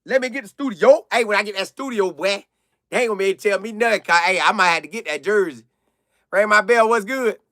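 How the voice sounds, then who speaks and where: A high, bright-voiced man talks straight into a dry, close mic on a casual live stream. His delivery is loose and slangy, with a flavor, as he reads viewer comments and riffs on the game. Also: fast, no echo. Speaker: live-stream sports commentator reading chat.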